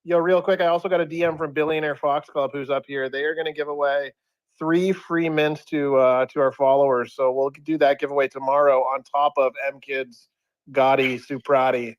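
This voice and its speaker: Jokey higher-voiced man on a dull mic. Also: steady tone, moderate pace, no echo. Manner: jokey, makes sound effects. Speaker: co-host. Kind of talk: casual livestream chat.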